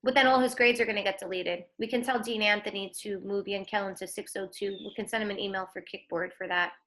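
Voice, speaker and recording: A woman's voice: mid-range voice, steady tone, quick pace, a bit bright. A woman teacher running an online class on a video call, upbeat and encouraging.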